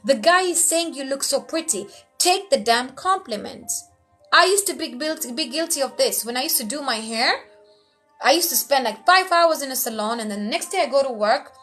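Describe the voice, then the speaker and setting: Brief: higher-pitched woman emcee, blunt and lively motivational talk, soft music under. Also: moderate pace. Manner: animated, acts out quoted voices; frank, blunt, lightly profane. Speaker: emcee giving life tips.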